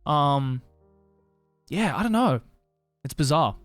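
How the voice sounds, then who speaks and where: Animated Australian man chatting on stream. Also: a little high, slow, no echo, faint music behind. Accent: Australian with international mix. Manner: animated, laughs often, swears casually. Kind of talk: casual live-stream chat.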